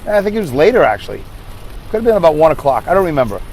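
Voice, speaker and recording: A man's voice: fairly high pitch, sing-song, racing, a little mellow, slight background noise. A middle-aged man hosting a podcast, telling a ranting story and acting out other people's lines. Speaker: podcast host. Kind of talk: ranting monologue.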